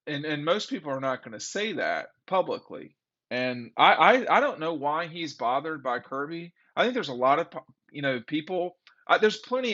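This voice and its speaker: Here a sports commentary show host, his voice fairly high and fairly bright, sounds exasperated as he rambles through an opinionated, casual monologue. Audio quality is dull lo-fi.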